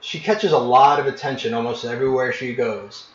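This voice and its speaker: A man's voice: medium pitch, steady tone. Man narrating as game master, echoey room. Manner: vivid descriptive narration with frequent pauses and restarts. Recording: echoey, dull lo-fi room recording.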